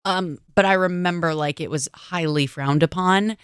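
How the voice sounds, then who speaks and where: A woman's voice: lowish voice, normal speed, clear, resonant tone, no echo, studio quality. A woman guest on an interview podcast, chatting and telling stories, acting out quotes in other voices. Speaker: guest, motorsports broadcaster. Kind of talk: casual interview chat.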